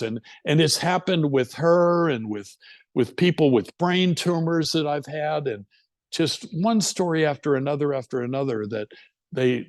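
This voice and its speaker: A man with a fairly high voice recounts a session in a loose, rambling way. He acts out his own lines and his client's as he tells it. The sound is dry and close. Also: darkish tone, dry recording. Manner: rambling storyteller, quoting himself and clients. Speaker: hypnotherapist speaker. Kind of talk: recounting a case at a talk.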